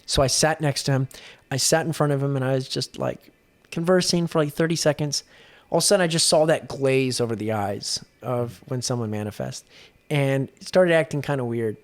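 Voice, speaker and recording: A young adult man, a podcast guest who works as an exorcist, talks in a mid-range voice at a slightly quick pace. He tells his story earnestly and casually, often restarting his sentences.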